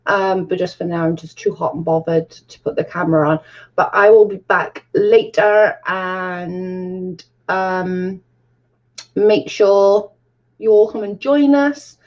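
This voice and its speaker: Speaking slowly in a steady, lowish voice, this livestream host chats casually with her viewers and laughs a lot. She's at home with the camera switched off, and the lo-fi stream sound comes across dull.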